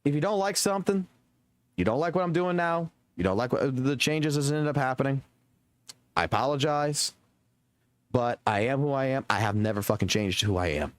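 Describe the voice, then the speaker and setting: A man's voice: mid-range voice, moderate pace, no echo. A man streaming games and ranting to his chat, swearing often and repeating himself for emphasis. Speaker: game streamer.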